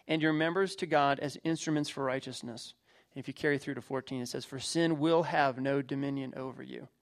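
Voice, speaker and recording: A man's voice: mid-range voice, gravelly. A middle-aged man preaching a sermon, emphatic, repeating key phrases and using everyday illustrations. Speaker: pastor.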